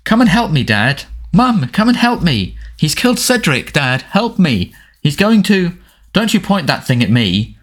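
A man's voice: on the high side, big pitch swings, measured pace, voice pushed up. A man voicing a snarling teenage bully. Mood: mocking whine, then panicky. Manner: snarling, taunting. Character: surly teenage boy bully, big and sneering.

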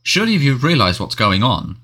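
A man's voice: mid-range voice, big pitch swings, bright, forceful tone, husky, exaggerated voice. A man voicing Cornelius Fudge, weary wizard minister. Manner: weary, muttering, brisk. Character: Cornelius Fudge, careworn middle-aged male wizard minister.

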